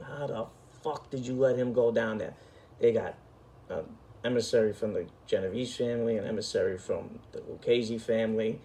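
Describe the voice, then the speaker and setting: A man's voice: on the low side, mellow. A middle-aged man, telling a story in an emphatic, profane, street-talking way. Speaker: storyteller host. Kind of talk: casual storytelling.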